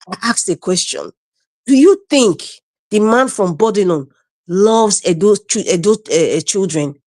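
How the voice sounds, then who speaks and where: A woman's voice: medium pitch, moderate pace, darkish tone, no room sound. A woman with a Nigerian accent speaking as a panelist on a video call, giving impassioned political commentary, indignant and emphatic, repeating her phrases.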